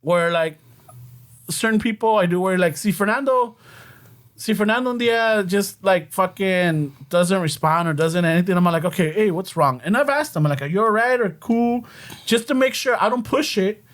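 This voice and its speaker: High-voiced man mixing Spanish into chat. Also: moderate pace, a bit bright. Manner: profane, mixes Spanish into English. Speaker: podcaster. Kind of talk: casual chat.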